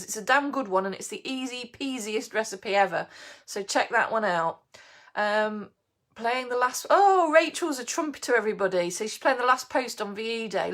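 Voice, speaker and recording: Chatty woman hosting a bake-along. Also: a little high. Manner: chatty and warm, reads out viewer comments, breaks into laughs. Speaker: baker and shop owner hosting a live bake-along. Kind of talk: chatty live-stream baking demo. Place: home kitchen.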